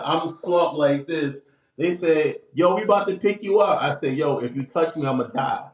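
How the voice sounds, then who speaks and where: A man, casually telling a long funny story on a podcast, acting out the people he quotes. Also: moderate pace. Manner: lively, acts out quoted voices with big pitch jumps. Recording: echoey room with faint noise.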